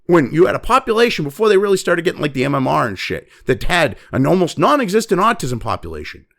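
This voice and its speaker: A man delivers a profane opinion rant, angry and mocking. His fairly high voice swings widely in pitch and carries a gravelly edge. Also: sing-song, quick pace, a bit bright. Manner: angry, heavy swearing, mocking quoted voices. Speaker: commentary show host.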